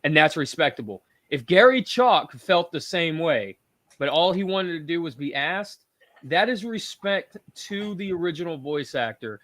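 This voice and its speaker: Give me a bright, forceful male host on a dry mic, ranting emphatically in casual chat. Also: a little high, expressive, moderate pace, no echo. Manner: emphatic, rambling rants. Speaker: podcast host.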